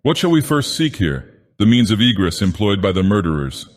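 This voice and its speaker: Male actor as a brooding divine villain narrating a tale, very low voice, long cavernous reverb. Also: very animated, brisk. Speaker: audiobook narrator. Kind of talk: storybook narration in character.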